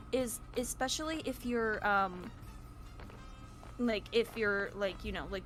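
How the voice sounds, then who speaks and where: A woman streamer chatting casually from home, rambling with lots of fillers and restarts. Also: medium pitch. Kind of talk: casual chat. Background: music.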